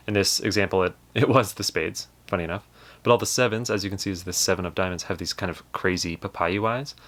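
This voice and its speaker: Chatty young man with a low voice. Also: fairly bright tone. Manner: chatty, self-deprecating, laughs while telling. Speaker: board game channel host. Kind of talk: casual storytelling and game explanation.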